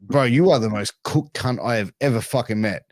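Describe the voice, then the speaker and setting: A man hosting a podcast, asking questions in an excitable, laid-back way with plenty of swearing. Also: medium pitch, brisk, dry recording, clean studio sound. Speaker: podcast host. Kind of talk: casual podcast interview.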